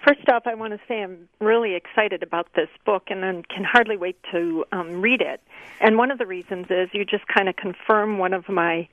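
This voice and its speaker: A woman's voice: medium pitch, normal speed, no echo. A woman calling in to a radio show, eagerly telling personal stories. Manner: eager, chatty storyteller. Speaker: caller. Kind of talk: phone-in story telling. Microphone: telephone. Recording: tinny phone line.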